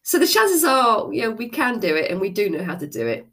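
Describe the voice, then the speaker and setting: A woman's voice: mid-range voice, very animated, a little fast, few pauses, a bit bright. A woman giving a motivational self-help talk, frank and conversational, with the odd casual swear word.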